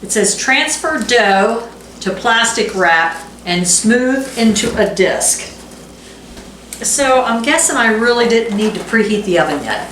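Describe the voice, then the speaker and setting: A woman's voice: fairly high pitch, lively intonation, slow pace, a bit bright, a little hiss or hum. Middle-aged lady chatting thru a cooking vlog, jokes at herself, roomy kitchen w dishes clanking. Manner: chatty, self-deprecating, reads recipe steps aloud. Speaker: home cooking video host. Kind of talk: casual cooking vlog chat. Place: home kitchen. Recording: echoey kitchen with clattering dishes.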